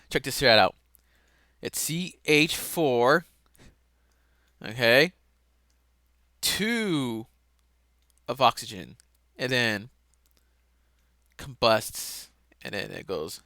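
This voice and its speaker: A man giving a casual, rambling home-made lesson, correcting himself as he goes and sometimes bursting out loudly. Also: mid-range voice, animated, very slow, pauses often, no echo, studio quality. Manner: casual, self-correcting, laughs at own mistakes, sudden loud outbursts. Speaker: lesson presenter.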